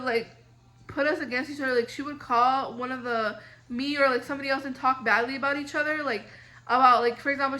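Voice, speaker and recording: A woman's voice: high-pitched, pushed and bright. A young woman telling a story casually on her vlog, rambling with lots of filler words. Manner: rambling, many "like" fillers, upset recounting. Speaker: vlogger.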